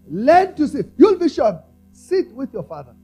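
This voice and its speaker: A man preaching a sermon with a high, lively voice that climbs and falls across a wide range. His tone is mellow rather than sharp. He moves between hushed asides and raised calls to the congregation over faint music. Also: unhurried, low-quality recording. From South Africa. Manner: call-and-response preaching, asks the congregation to repeat lines; swings from quiet, low asides to loud, raised exhortation. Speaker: apostle preaching.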